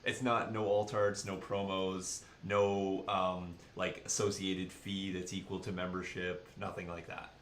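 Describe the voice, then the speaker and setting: A man's voice: sits low, level tone, a little slow, few pauses, fairly bright tone, roomy sound, slight background noise. A man with an East Coast Canadian accent, co-hosting a livestream and joking as he reads the chat aloud. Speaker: co-host. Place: studio.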